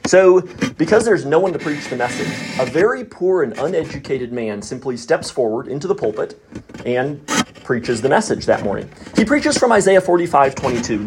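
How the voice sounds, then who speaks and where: Animated man telling a story. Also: fairly high pitch, moderate pace. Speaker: guest storyteller. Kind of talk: casual storytelling. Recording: noisy recording.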